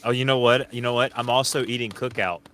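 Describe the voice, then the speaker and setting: A man's voice: mid-range voice, fairly even intonation, fast, sharp tone, a little hiss or hum. A man guesting on a wrestling podcast, riffing playfully with crude jokes. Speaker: guest co-host. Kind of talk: casual banter.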